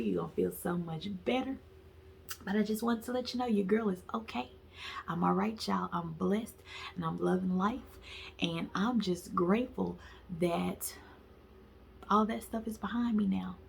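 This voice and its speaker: A middle-aged woman speaks straight to her viewers, calling them y'all and sharing a personal testimony with warmth. Her voice sits fairly low and has a gravelly edge, recorded on a phone or camera with faint background noise. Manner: heartfelt, folksy, addresses viewers as y'all. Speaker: vlogger.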